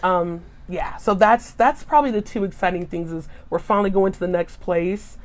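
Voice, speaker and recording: A woman in her thirties, a guest in a casual chat, telling her stories in an animated, expressive way. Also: lowish voice, moderate pace.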